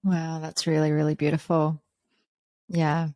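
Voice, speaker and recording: A woman's voice: low-pitched, monotone, measured pace, mellow, no room sound. A woman hosting a podcast, affirming her guest and asking reflective questions. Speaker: podcast host. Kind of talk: casual interview conversation.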